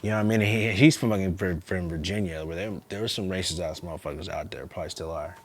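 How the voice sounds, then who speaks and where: A man's voice: low-pitched, fast talker, slight background noise. A young man who works as a police officer, chatting casually and telling profane stories full of acted-out quotes. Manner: profane, storytelling, acts out quoted voices. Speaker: police officer and podcast co-host. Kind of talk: casual chat.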